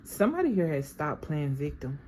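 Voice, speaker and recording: A woman's voice: low voice, big pitch swings, a little fast, dark tone, slight background noise. A woman reading tarot cards for her viewers in a casual, slangy, chatty way, talking straight to them. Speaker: tarot reader.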